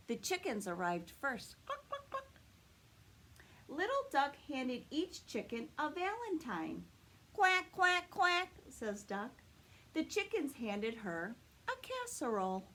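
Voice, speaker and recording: A woman, a children's librarian, reading a picture book aloud at story time, animated and expressive and asking the children questions. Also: high voice, takes it slowly.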